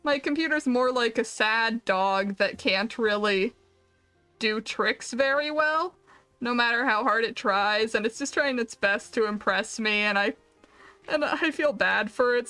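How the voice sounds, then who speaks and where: Woman streamer, casual gaming chat, rambling, self-deprecating, bright and fairly high voice, faint music underneath. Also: normal speed.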